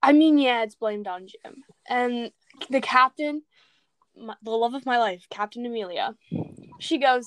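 A young woman retelling a movie in a casual chat, excitable and rambling, laughing often. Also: fairly high pitch, moderate pace, clear, resonant tone.

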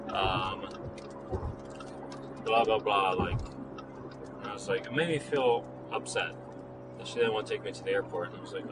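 A young male vlogger with a lowish voice tells a personal story outdoors amid steady traffic and vehicle noise. He speaks at a moderate pace with frequent pauses, rambling with lots of "like" and acting out both sides of old conversations.

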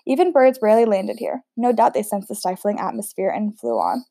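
Mellow woman reading a novel with asides. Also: mid-range voice, sing-song, a little fast, no echo, studio quality. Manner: casual, stumbles over words, chatty asides. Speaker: audiobook reader.

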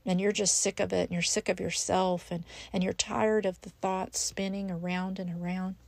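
On a devotional podcast, a woman addresses the listener like a friend, earnest and encouraging, often restarting and using fillers. Her voice is low, gravelly and flat, at a normal speed, recorded dry.

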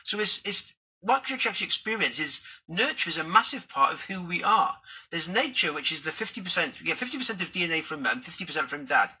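A man talks to his viewers in a loose, rambling way, thinking aloud as he goes. His voice sits high and sounds sharp and bright, with a husky edge. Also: very animated, fast, poor audio. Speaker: vlogger. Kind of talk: casual talk to camera.

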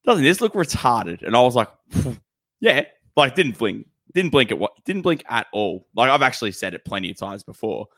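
A man's voice: mid-range voice, expressive, fairly quick, hardly any pauses, fairly bright tone, no room sound. A man, co-hosting a podcast in casual banter. He talks hesitantly, with lots of "um" and restarts. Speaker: podcast co-host.

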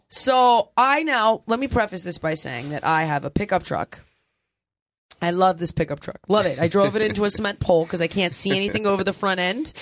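A woman in her forties, a podcast host, telling a crude, funny family story in casual chat, laughing often. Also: mid-range voice. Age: 40s. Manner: animated, laughing, crude humor.

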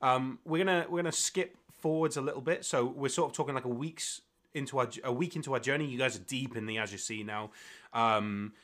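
A man's voice: mid-range voice, fairly quick, a bit bright. A man narrating as game master in a tabletop role-playing game, rambling with many fillers.

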